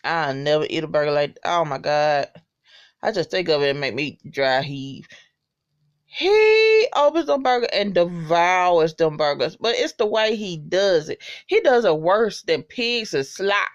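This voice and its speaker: Woman vlogger recapping a show, animated and profane, very lively intonation. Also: on the low side, unhurried, lo-fi sound. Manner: animated, expressive, swears freely, reacts with disgust. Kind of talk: casual profane episode recap.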